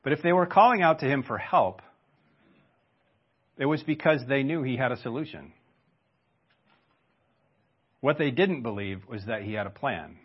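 A man's voice: medium pitch, expressive, moderate pace, long pauses, breathy edge, highs cut off. Man preaching a conversational sermon. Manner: conversational preaching with rhetorical asides. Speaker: pastor.

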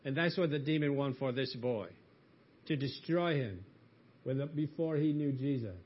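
A man's voice: medium pitch, moderate pace, husky. A man preaching a sermon in an earnest way, lifting his voice into emphatic pleas as he quotes. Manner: earnest, rising to emphatic pleas when quoting. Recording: dull lo-fi audio.

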